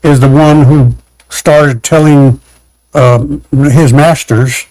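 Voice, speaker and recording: A man talking as a guest in casual chat, animated, acting out quotes and laughing, with many restarts. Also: medium pitch, slow pace, slight background noise, low-quality recording.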